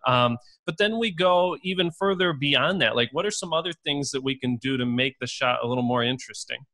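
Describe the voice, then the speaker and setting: A man's voice: medium pitch, fairly quick, bright, forceful tone. A man hosting a podcast, chatty and upbeat, telling stories and leading the conversation. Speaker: podcast host. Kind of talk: casual interview chat.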